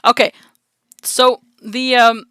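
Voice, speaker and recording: Slow, giggly Norwegian woman streamer. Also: fairly high pitch, flat delivery, pushed and bright, clean tone, dry recording, studio quality. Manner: giggly, chatty. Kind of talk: casual let's-play commentary.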